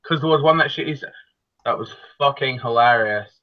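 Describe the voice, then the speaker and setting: A man co-hosting a casual roundtable chat, animated and joking, swearing often. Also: medium pitch, normal speed, muffled recording. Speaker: podcast co-host.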